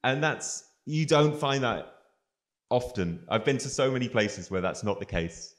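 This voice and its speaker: A man's voice: mid-range voice, a little slow. A man from northwest England with a northern English accent, a guest musician in a casual livestream interview, telling stories and acting out the voices of the people he quotes. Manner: lively storyteller who acts out quoted voices.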